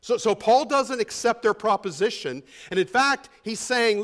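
A pastor preaching an expository sermon in a conversational, emphatic way, often asking the congregation rhetorical questions. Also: male voice, high-pitched, animated, normal speed, hardly any pauses, fairly bright tone.

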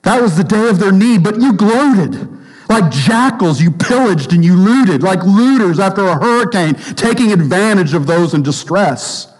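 A man preaching a sermon as pastor, emphatic, repeating phrases and dropping low and slow for stress. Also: expressive, in a large hall, poor audio.

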